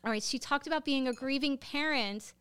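An American woman in her thirties, co-hosting a podcast and telling a story in a casual, emotional way, with halting speech and lots of fillers. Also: high-pitched, a bit bright, dry recording, studio quality. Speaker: podcast co-host.

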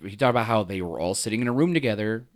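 Low-voiced laid-back man. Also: lively intonation, rapid-fire. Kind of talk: casual chat.

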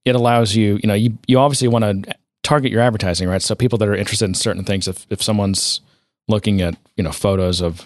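A man's voice: lowish voice, steady tone, fast talker, few pauses, no echo, studio quality. A man co-hosting a casual tech podcast, rambling and sardonic, with many fillers and restarts. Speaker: podcast co-host.

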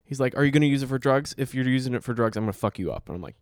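A man's voice: medium pitch, expressive, racing, no echo, clean studio sound. A man co-hosting a casual chat, animatedly acting out quotes from people he met on the street. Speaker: podcast co-host. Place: New York.

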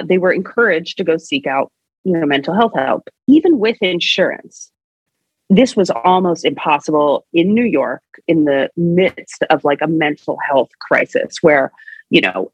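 A woman's voice: low-pitched, husky, no echo. Chatty woman in a dry, muffled recording. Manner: chatty, with many fillers. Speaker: guest commentator. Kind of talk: casual conversation.

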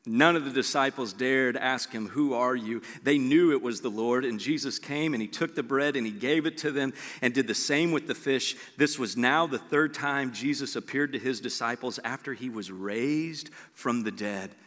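Male pastor, sermon delivery, animated with big upward pitch jumps, acts out dialogue; bright tone, long hall reverb. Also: moderate pace, hardly any pauses. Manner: animated preacher, voice jumps high for emphasis.

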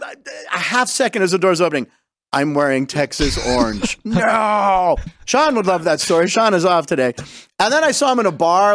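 A male radio host with a high voice that leaps all over its range, spinning stories and acting out the lines of the people in them. The studio sound is dry and close, with no room around him. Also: no room sound. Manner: animated storyteller acting out quotes. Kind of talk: radio sports and comedy talk.

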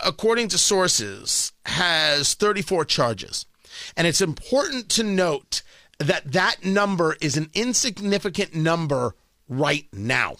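A man hosting a political talk radio show, delivering an animated, sarcastic monologue into a studio microphone. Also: high-pitched, no echo. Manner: animated, excitable, sarcastic asides.

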